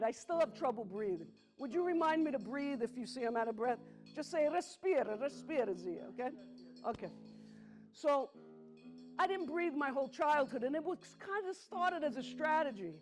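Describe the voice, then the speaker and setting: A middle-aged woman from the Bronx, telling stories on a theatre stage and talking straight to the audience, slowing down for emphasis. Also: high voice. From the Bronx, New York. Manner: conversational, talks directly to the audience, slows for emphasis. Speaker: solo stage performer. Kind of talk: theatrical storytelling to a live audience.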